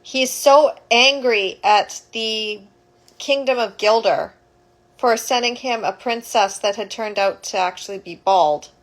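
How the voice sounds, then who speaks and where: Woman educator, casual rambling retelling with many restarts; slightly high voice. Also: a little slow, low-quality recording. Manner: rambling, self-correcting. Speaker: childbirth educator. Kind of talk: casual storytelling.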